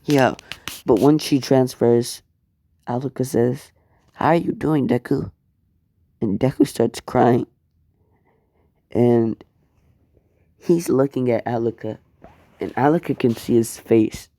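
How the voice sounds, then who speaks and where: A man improvising a fan story out loud, rambling, swearing and correcting himself as he goes. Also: medium pitch, takes it slowly, pauses often.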